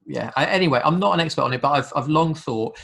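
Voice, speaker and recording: A man's voice: a little high, quick pace, gravelly, fairly bright tone, husky. A man in casual podcast chat, hesitant, with many fillers and false starts. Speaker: podcast co-host.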